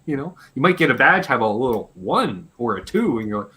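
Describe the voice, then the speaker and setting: A man with a slightly hoarse voice, hosting a casual live Q&A stream, rambling and joking and swearing offhand. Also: medium pitch, very animated, normal speed, sharp tone. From Canada. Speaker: livestream host.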